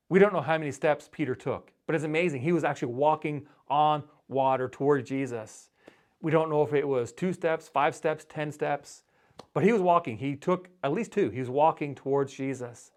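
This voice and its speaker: A man's voice: a little high, moderate pace. A middle-aged man preaching a sermon in a conversational, earnest way, often restarting his phrases. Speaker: pastor.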